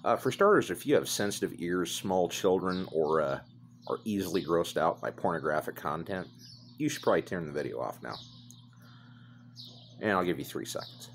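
A man hosting a casual storytelling rant, crude and rambling, with deadpan humor and high put-on voices when he quotes people. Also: moderate pace, gravelly, a little hiss or hum. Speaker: host. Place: indoors in his chair, smoking.

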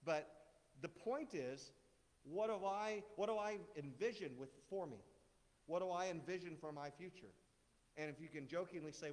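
A man's voice: on the high side, moderate pace. Chatty, joking middle-aged man preaching. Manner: conversational, joking, full of rhetorical questions. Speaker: guest speaker. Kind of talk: sermon. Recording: long hall reverb.

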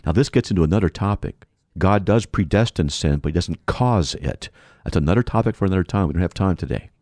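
A deep-voiced man teaching Bible doctrine on his radio show, his pitch rising and falling in animated swings. He works through scripture references methodically and leans hard on key words. His voice sits close and dry, with no room sound. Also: no echo. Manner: methodical, reads scripture references in quick succession; emphatic, stresses Greek terms. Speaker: radio show host, apologist.

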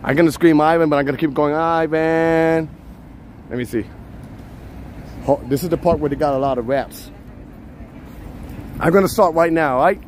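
His voice is fairly high and a little fast, broken by frequent pauses. The Puerto Rican livestream host roams city streets after dark with a handheld phone, chatting and joking with viewers and occasionally yelling names at full volume, with faint street and traffic noise around him outdoors.

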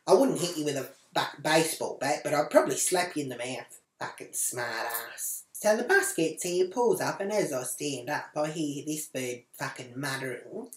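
A woman's voice: sits low, lively intonation, normal speed, hardly any pauses, roomy sound. Brash, sweary Australian woman vlogger. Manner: brash, crude, swears freely. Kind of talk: foul-mouthed comic rant to camera. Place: small indoor room at home.

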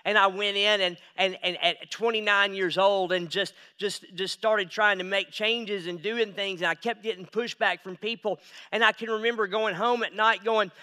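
A man in his thirties delivers a sermon from a church stage, his voice bright and a little higher than most men's. He drops into hushed, confiding asides, then climbs into loud, emphatic stretches. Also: moderate pace. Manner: swings between hushed asides and loud emphatic build-ups. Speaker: pastor.

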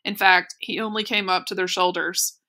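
Woman, teacher, read-aloud narration, clear and expressive, bright tone. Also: mid-range voice, moderate pace.

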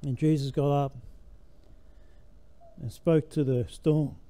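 A man's voice: on the high side, fairly even intonation, slow pace, dark tone. An older man preaching a sermon in a church, emphatic, his voice rising and falling with the message.

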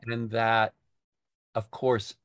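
An older man leading a poetry discussion group, talking in a halting way with many restarts and fillers. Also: mid-range voice, completely flat delivery, fairly bright tone, clean tone, no echo, studio quality. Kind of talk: casual literary discussion.

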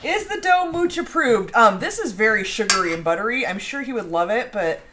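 A woman's voice: on the high side, animated, a little fast, noisy background. A woman hosting a casual home baking live stream, chatting and reading out viewer comments. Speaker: baking show host. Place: home kitchen.

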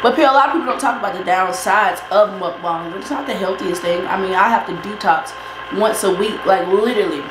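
A woman's voice: medium pitch, a little fast. Woman chatting away on her eating show, loose and repetitive, kinda echoey room, bit of background hum. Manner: chatty, loose and talkative, repeats herself. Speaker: mukbang vlogger, host. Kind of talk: casual chat while eating. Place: indoors at her eating setup.

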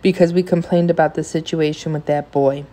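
A woman reading aloud, voicing a mother who speaks softly and meekly in defense of her son. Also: low voice, fairly even intonation, fairly quick, close to an everyday voice. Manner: soft, meek. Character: soft-spoken, defensive mother.

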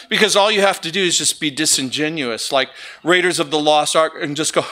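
A man from Southern California preaching a sermon in a church, joking and telling stories in a lively way before turning to scripture. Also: fairly high pitch, a little fast. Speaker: pastor. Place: church sanctuary.

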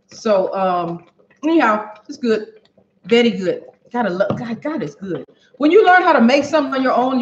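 A woman hosts a cooking livestream from her home kitchen, chatting casually and exclamatorily with viewers and reading their comments as she cooks. Her voice is on the high side with a fairly bright tone. The sound is dull and lo-fi, with an echoey room and a little hiss or hum.

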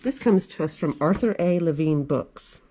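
A woman's voice: low-pitched, lively intonation, normal speed, dark tone, slight background noise. A woman in her forties, a children's librarian, reading a picture book aloud in a library with chatty asides to kids. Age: 40s.

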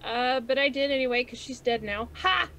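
A woman's voice: sits high, moderate pace, background noise. A woman co-hosting a casual podcast chat, candid and self-mocking, laughing often as she talks. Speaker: podcast co-host.

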